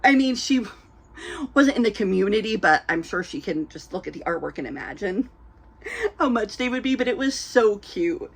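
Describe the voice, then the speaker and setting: A woman's voice: medium pitch, lively intonation, moderate pace, slightly rough. A woman telling stories to camera in a casual, giggly way, full of ums, with a dry throat. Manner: chatty, giggly, many ums, acts out quoted voices. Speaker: reborn doll collector vlogger. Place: indoors at home, lit by a ring light.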